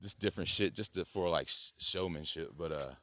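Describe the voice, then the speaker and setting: A man's voice: fairly quick, no room sound, studio quality. A man hosting his own channel, talking in a rambling monologue full of fillers and sudden outbursts. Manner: rambling, many fillers, bursts into loud high-pitched mock voices. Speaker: channel host.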